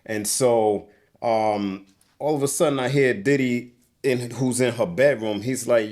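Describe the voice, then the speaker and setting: A man's voice: medium pitch, measured pace, a little mellow. Agitated young man, swearing. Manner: agitated, profane, repeats "bro". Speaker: interview guest. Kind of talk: emotional storytelling. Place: indoors on a couch.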